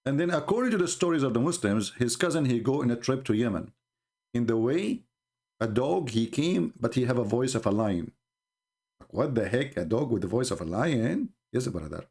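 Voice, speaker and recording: This is a man with a voice of ordinary middle pitch, giving a live-streamed commentary. He talks in an emphatic, mocking and scornful way. His delivery halts often, with fillers and false starts. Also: animated, a little mellow. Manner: halting, with frequent fillers and restarts.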